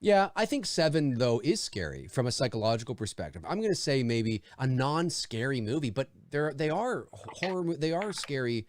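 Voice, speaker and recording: Animated, joking podcast host, a man. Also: mid-range voice, normal speed, few pauses, no room sound, studio quality. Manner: reads listener questions aloud. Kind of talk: casual chat.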